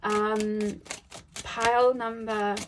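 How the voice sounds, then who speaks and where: A woman's voice: medium pitch, flat delivery, very slow, noisy background. A woman giving a casual tarot reading to camera, chatty and frank, with lots of fillers and restarts. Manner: chatty, loose, with many fillers and repeated phrases; frank and matter-of-fact. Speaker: tarot card reader.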